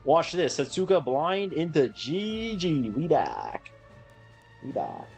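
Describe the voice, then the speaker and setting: A young man in casual live game commentary, voice sitting a bit high and swinging widely in pitch as he gets worked up. He chants single words in rapid bursts and swears freely, with faint game music running underneath. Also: wildly swooping pitch, creaky, a little mellow. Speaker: game streamer.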